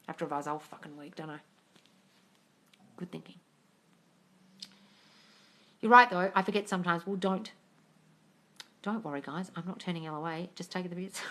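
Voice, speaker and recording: A woman's voice: on the low side, a bit bright. A woman coaching on a livestream, reading out viewer comments and answering them bluntly, with lots of swearing and calling people darling. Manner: blunt and profane, calls listeners darling. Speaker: manifesting coach.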